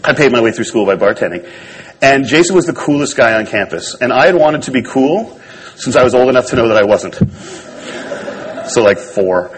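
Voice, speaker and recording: A man's voice: mid-range voice, animated, a little fast, slight background noise, low-quality recording. A man on stage telling a personal story to an audience in a wry, self-deprecating way. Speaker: speaker giving a talk.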